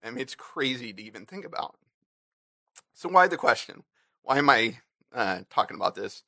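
A man giving a personal reflection to a church congregation, earnest and a little halting. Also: mid-range voice, vocal fry, bright, forceful tone, no room sound, studio quality. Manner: earnest, halting with fillers, briefly emotional.

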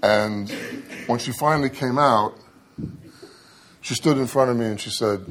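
A man's voice: medium pitch, a little slow, pauses often, noisy background. A middle-aged man preaching a sermon, telling a humorous personal story with dry asides before turning to scripture. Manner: storytelling, animated when quoting himself, dry asides.

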